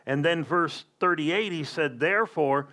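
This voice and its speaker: A man's voice: on the high side, a little slow, pushed and bright. A man preaching a sermon as a pastor, emphatic with conversational asides.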